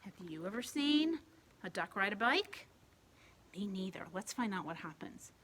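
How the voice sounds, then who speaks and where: A woman reading a picture book aloud at a library storytime for young children, pausing to ask them questions. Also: medium pitch, sing-song, a little hiss or hum. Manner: gentle, asks children questions while reading. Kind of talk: bedtime storytime read-aloud. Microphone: home video recording.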